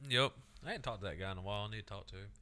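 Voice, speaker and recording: A man with a bright, forceful, smooth voice at an ordinary pitch. He tells animated stories in a casual podcast chat, mimicking his friends along the way. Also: racing. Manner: animated storyteller, mimics friends, swears freely. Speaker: podcast co-host.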